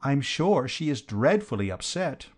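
A man reading an audiobook, voicing a sentimental, dreamy young woman with a breathy, whispery, drawn-out delivery. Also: medium pitch, big pitch swings, pitched above the performer's own voice. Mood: puzzled. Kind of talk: audiobook character voice.

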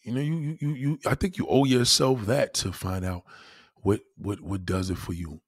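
A man's voice: on the low side, moderate pace, breathy edge, dry recording, clean studio sound. A young man hosting a livestream, ranting bluntly and profanely in casual talk, often restarting his sentences. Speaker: livestream host.

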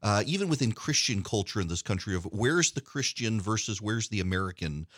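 Earnest low-voiced male radio host. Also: lively intonation, brisk, fairly bright tone, dry recording, studio quality. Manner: earnest, reflective, with frequent restarts. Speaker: radio talk show host. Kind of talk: casual radio interview chat.

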